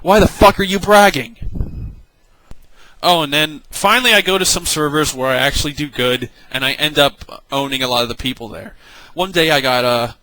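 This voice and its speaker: A man's voice: mid-range voice, brisk, bright, forceful tone, rough recording. A young man giving an angry, exasperated rant about an online game, swearing and mocking other players with sarcasm. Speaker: gaming vlogger.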